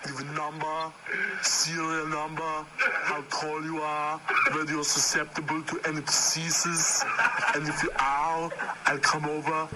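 A man's voice: a little high, unhurried. Voicemail threat from a man doing a muscleman. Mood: threatening. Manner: deadpan threatening. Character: menacing bodybuilder on an answering machine, male. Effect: answering machine message. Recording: noisy tinny answering machine tape.

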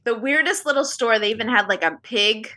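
An American woman co-hosting a podcast in casual chat, telling animated stories full of exclamations. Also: a little high, a little fast. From United States. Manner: animated storyteller, exclamations and swearing. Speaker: podcast co-host.

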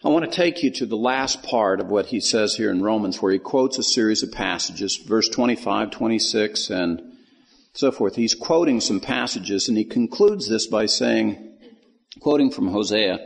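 A man teaches scripture in a relaxed, folksy storytelling way, acting out the lines of the people in the story. His voice is gravelly and a bit husky. It rings in a hall with a long echo. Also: fairly low pitch, moderate pace. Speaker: Bible teacher. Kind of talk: Bible teaching.

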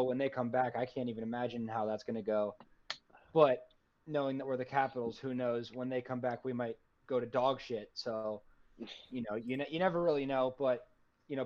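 A man's voice: medium pitch, a little mellow. A man co-hosting a podcast in casual sports chat, rambling with many fillers like "you know". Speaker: podcast co-host. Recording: dull lo-fi recording.

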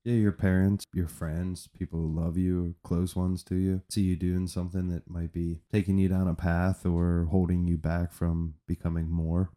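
A man in a casual podcast chat, reflecting calmly as he agrees with a point. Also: low voice, moderate pace, hardly any pauses.

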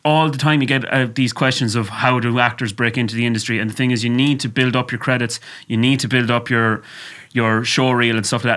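A man's voice: mid-range voice, a bit bright. A man from Ireland hosting a casual podcast, leading the talk and teasing his co-host.

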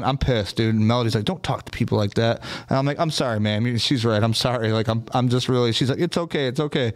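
A man hosting a casual livestream, telling stories in an animated, profane way. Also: medium pitch, fast, hardly any pauses. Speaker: host.

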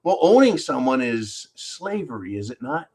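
A man's voice: mid-range voice, sing-song, moderate pace, darkish tone, breathy edge. A man hosting a political talk show, ranting in a sarcastic, profane and combative way. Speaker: podcast host. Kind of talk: political rant commentary.

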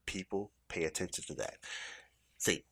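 Animated, profane middle-aged comedian man. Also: deep voice, moderate pace. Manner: animated, profane, swings between loud bursts and quiet asides. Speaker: stand-up comedian. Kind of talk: stand-up comedy storytelling.

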